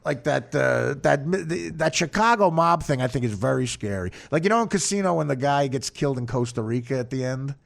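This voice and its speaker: A man's voice: medium pitch, brisk, vocal fry, few pauses. A man hosting a podcast in casual chat, a profane, rambling storyteller. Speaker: podcast host, comedian.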